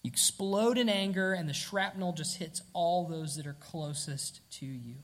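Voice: medium pitch, normal speed. A preacher delivering a sermon emphatically, asking rhetorical questions and repeating key words.

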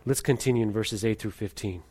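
A man preaching a sermon, animated, acting out voices in his story and reading scripture aloud. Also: fairly low pitch, brisk, slightly rough. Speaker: pastor.

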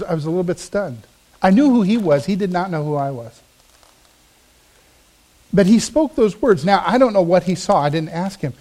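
A man's voice: sits high, mellow. A man, a pastor, preaching a sermon, telling a personal story in an earnest, storytelling way with emphatic swells.

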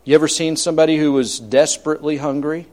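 A man's voice: a little high, fairly even intonation, fast, a little mellow. A man preaching a sermon as pastor, emphatic and repetitive, telling homely stories with humor.

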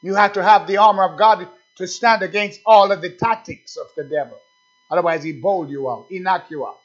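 A man's voice: high-pitched, brisk. A man preaching a sermon, emphatic and repetitive, calling out "amen" between points. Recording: dull lo-fi sound.

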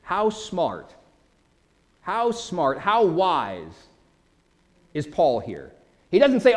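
Male pastor, sermon delivery; animated, wide pitch swings, a touch high. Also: slow, pauses often. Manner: animated preaching with dramatic quoted outbursts.

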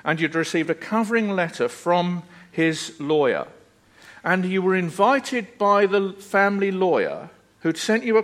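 A man's voice: sits high, a bit bright. A man preaching a sermon in an earnest, emphatic way, repeating phrases for weight.

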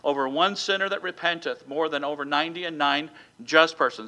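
Man, preacher, bright forceful voice, fairly high, reads scripture then preaches. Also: fairly quick, low-quality recording. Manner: reads King James scripture aloud, then preaches with "Amen?" asides. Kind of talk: sermon with scripture reading.

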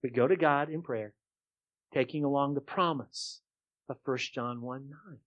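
A male pastor preaching a sermon to his congregation, dropping to quiet murmurs and then building to loud, rising rhetorical questions. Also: mid-range voice, measured pace, lo-fi sound. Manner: addresses the congregation directly, asking for responses.

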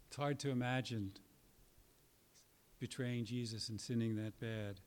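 A man's voice: medium pitch, steady tone. Earnest man preaching a sermon. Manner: earnest, emphatic, with dramatic pauses and acted quotes.

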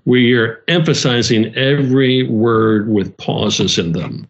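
A man's voice: medium pitch, unhurried, gravelly, hardly any pauses, low-quality recording. A man leading a small church, talking earnestly in casual conversation, repeating himself and restarting his phrases.

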